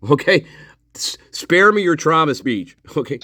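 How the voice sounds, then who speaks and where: A man's voice: on the high side, sing-song, a little slow, sharp tone, no room sound, clean studio sound. A man commenting on interview footage in an angry, sarcastic, profane rant.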